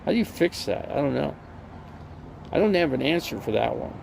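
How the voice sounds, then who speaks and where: A man with a very gravelly, rough voice talks in a loose, rambling way, his pitch jumping around a lot as he tells stories. A faint hum of background noise sits under his voice. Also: lively intonation, fairly quick. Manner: rambling storyteller, many fillers and restarts. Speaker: live streamer. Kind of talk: casual rambling chat.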